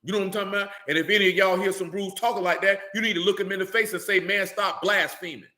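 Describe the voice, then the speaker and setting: Fiery scolding preacher man, bright voice. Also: high voice, fairly even intonation, rapid-fire, roomy sound. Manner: blunt, scolding, rhetorical questions, rising to shouts. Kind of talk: fiery street-style sermon.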